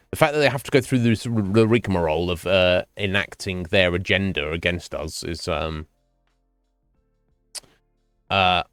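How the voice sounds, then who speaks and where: A man's voice: fairly low pitch, a bit bright, clean tone, no room sound. A man streaming a game and chatting casually with his viewers, musing aloud with lots of fillers and restarts. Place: home streaming setup. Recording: dry close mic, faint game music behind.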